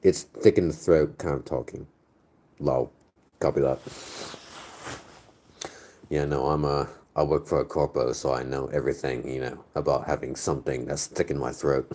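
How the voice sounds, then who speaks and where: Very deep-voiced crude joking man. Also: steady tone, moderate pace, long pauses, warm tone. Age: 30s. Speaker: streamer reading chat. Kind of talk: casual chat.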